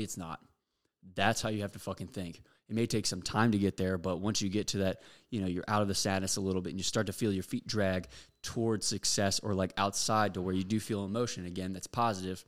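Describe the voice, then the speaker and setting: A young man hosting a podcast, giving a blunt, profane motivational monologue full of fillers. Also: deep voice. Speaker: podcast host.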